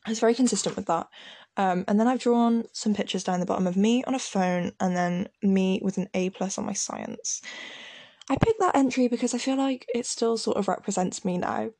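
A young woman chats casually and laughs at herself as she talks. Her voice carries a gravelly fry at the ends of phrases. The recording is close and dry, with no room sound. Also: mid-range voice, brisk, dry recording. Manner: giggly, self-mocking, animated. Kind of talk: casual chat, reading from an old diary.

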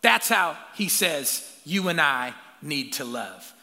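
A man preaching in a large hall, his voice high and gravelly, with a bright, forceful edge. He is an animated pastor who calls out to the crowd and drops playful asides. His words ring with a long hall echo. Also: slow pace. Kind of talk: sermon.

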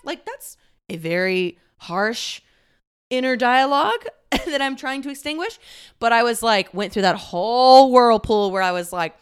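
Candid, profane young woman with a smooth voice. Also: mid-range voice, animated, unhurried. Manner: candid, profane, laughs often; chatty, many fillers and acted quotes. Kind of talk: casual storytelling to camera.

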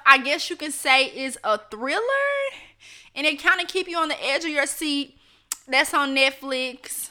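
A woman's voice: high voice, normal speed, bright, forceful tone. A woman hosting a casual live stream, reading viewer comments aloud and chatting directly to her audience with frequent laughs. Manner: chatty, laughs often, talks straight to viewers.

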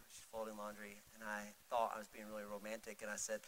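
A middle-aged male pastor preaching a sermon, swinging from loud, urgent pleading to soft, intimate storytelling. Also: lowish voice, completely flat delivery, brisk, few pauses, a little hiss or hum, low-quality recording.

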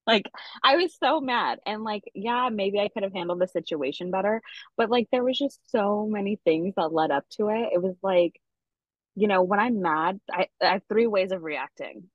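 A woman's voice: medium pitch, lively intonation, normal speed, no echo, muffled recording. A woman co-hosting a podcast, telling a story in a candid, profane, casual way with lots of fillers. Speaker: podcast co-host. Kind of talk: casual chat.

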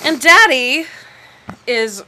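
A woman co-hosting a podcast, recapping a movie in casual chat, sarcastic and animated, swearing freely. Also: high-pitched, slow pace, rough recording. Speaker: podcast co-host.

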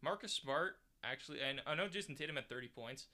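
Super bright voiced guy, animated casual sports podcast chat. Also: medium pitch, fast talker. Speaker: podcast co-host.

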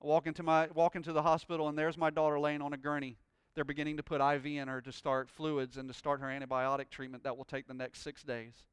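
A man preaching a sermon, telling a personal story and rising into loud, joyful praise. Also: a little high, level tone, fast, hardly any pauses, clear, resonant tone, no room sound. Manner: exuberant, shouting praise. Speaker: pastor.

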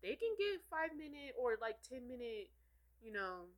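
A woman's voice: fairly high pitch, very animated, moderate pace, poor audio. A woman co-hosting a casual chat, rambling and chatty with lots of fillers. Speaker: podcast co-host.

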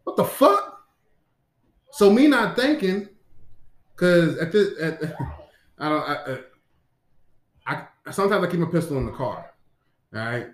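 A man's voice: on the high side, lively intonation, a little slow, pauses often. A man telling a long dream story in casual chat, full of restarts and cursing. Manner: rambling, profane, many restarts. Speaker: podcast co-host. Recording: echoey room.

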